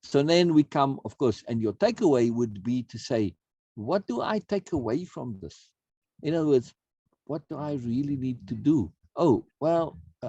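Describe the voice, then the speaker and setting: A man's voice: medium pitch, warm tone, breathy edge, no room sound, lo-fi sound. A man teaching an online self-help course in a conversational way, often repeating words and checking in with "right?". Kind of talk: recorded online course talk.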